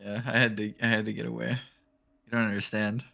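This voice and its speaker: A man's voice: fairly low pitch, level tone, fast, creaky, sharp tone. A man co-casting an amateur esports league on a live stream, joking and telling teasing stories about friends. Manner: joking, tells teasing anecdotes. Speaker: esports co-caster. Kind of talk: casual live-stream banter.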